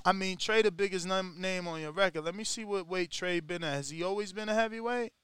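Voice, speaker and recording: A man chats on a casual podcast in a very high, bright voice. He talks with profane, joking, slang-heavy energy, and the sound is dry and close. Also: a little fast, clean tone, dry recording. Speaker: podcast host.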